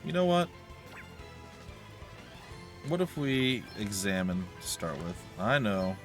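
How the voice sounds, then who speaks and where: A man's voice: on the low side, sing-song, slow pace, over music. A man hosting a let's play, chatting casually and joking as he talks to the enemies on screen. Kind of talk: casual gaming commentary.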